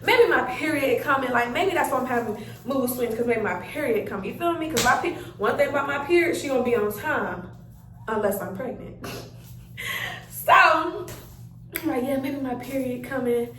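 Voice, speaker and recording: A young woman, telling a story in an animated, chatty way and acting out her own reactions. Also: high-pitched, moderate pace, a little hiss or hum. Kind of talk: casual storytime chat. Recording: roomy sound, mic a bit far off.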